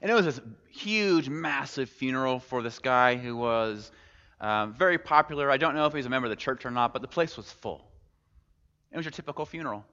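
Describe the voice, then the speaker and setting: A man's voice: medium pitch, fairly quick, sharp tone. A man preaching a sermon as a pastor, speaking in a conversational way, posing rhetorical questions and slipping in casual humor. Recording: echoey hall, muffled sound.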